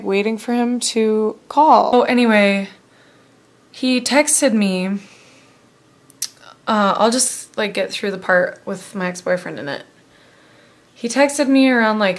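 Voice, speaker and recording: A woman's voice: medium pitch, slow pace. Rambling young woman telling a story. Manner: rambling, filler-heavy storytelling. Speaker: vlogger. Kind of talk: casual storytelling chat.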